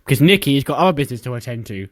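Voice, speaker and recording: A man's voice: medium pitch, expressive, rapid-fire. Casual man narrating his wrestling sim. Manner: casual, swears freely, briefly voices characters. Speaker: game let's-player narrating a wrestling sim. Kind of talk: casual storytelling commentary.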